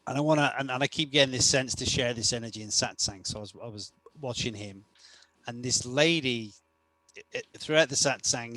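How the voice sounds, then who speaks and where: A man's voice: medium pitch, sharp tone, dry recording. A man co-hosting a casual podcast conversation, telling long stories about clients with many restarts and asides. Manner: rambling storytelling with many restarts. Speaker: podcast co-host and coach.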